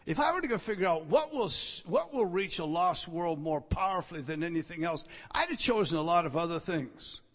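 A man preaching a sermon, emphatic and given to repeating key words, dropping to soft asides and rising to loud stresses. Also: high voice, animated, a little fast, hardly any pauses. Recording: long reverb of a large hall.

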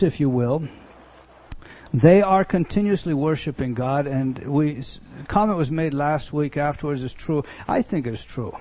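A man's voice: mid-range voice, mellow. A man preaching in a conversational teaching style, often restarting phrases and pressing words for emphasis. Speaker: pastor teaching a Bible study. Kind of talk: expository sermon teaching.

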